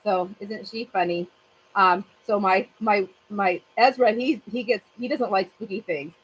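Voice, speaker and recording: A woman's voice: mid-range voice, unhurried, slightly rough, rough recording. A woman in her fifties hosting a craft channel, chatting casually with her livestream viewers in a rambling way and laughing often.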